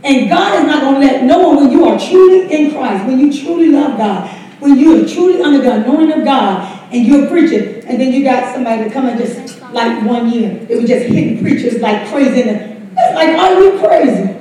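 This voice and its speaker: A woman pastor with a Southern US accent leads a lively Bible study, laughing often and urging the room on with "come on". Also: high-pitched, a little fast, far from the mic, slight background noise. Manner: exclaims "come on" often, laughs while preaching. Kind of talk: lively sermon-style teaching. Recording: echoey church hall mic from afar.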